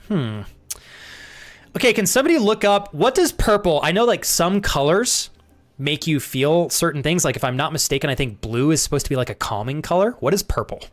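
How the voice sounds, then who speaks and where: A young man chats casually with his live-stream viewers while gaming, thanking them by name and swearing freely. His voice sits a little high and shoots up when he gets excited.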